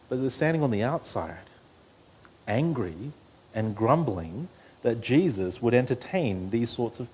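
A male pastor delivers an earnest sermon in a slightly husky voice. His voice sits at a middle pitch, and he grows louder and higher when he reads scripture aloud.

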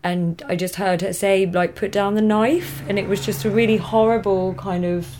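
A woman's voice: mid-range voice, steady tone, normal speed, darkish tone, a little hiss or hum. A young woman with an English accent, talking casually as a guest about a hard time in her life. She laughs often and trails off mid-thought. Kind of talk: casual conversation.

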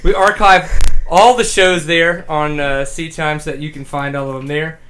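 A man's voice: a little high, steady tone, normal speed, a bit bright. A young adult man with a Texan accent hosting a dirt-bike show wrap-up, out of breath, joking and flustered. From Texas. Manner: joking, flustered, laughing between phrases. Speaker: podcast host. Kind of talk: casual show wrap-up chat.

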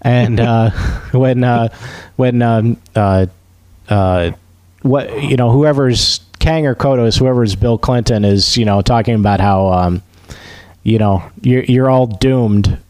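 A man's voice: medium pitch, slow pace, a little mellow, dry recording. A man chatting casually about TV, hesitant, with many fillers and restarts.

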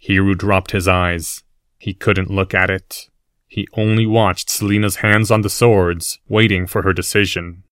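A male narrator reads a fantasy story in a steady, even storytelling manner. His voice is fairly low, and the recording is dry and close-miked. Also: measured pace, smooth, no room sound. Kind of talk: scripted audiobook narration.

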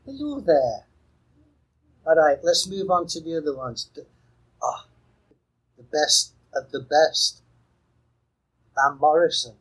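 A man's voice: on the high side, a little slow, pauses often, a bit bright, husky, poor audio. A man co-hosting a casual music podcast outdoors, talking with playful, rambling enthusiasm. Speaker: podcast co-host.

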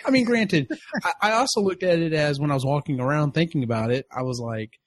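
A man co-hosting a podcast in casual chat, relaxed and telling anecdotes by quoting himself. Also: on the high side, brisk, dry recording.

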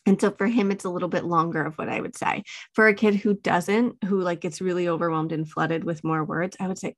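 A woman as a parenting expert guest in a casual podcast interview, telling stories with lively quoted dialogue and frequent laughter. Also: on the low side, a little fast, no room sound, studio quality. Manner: animated storytelling, acts out parent and child quotes, laughs often.

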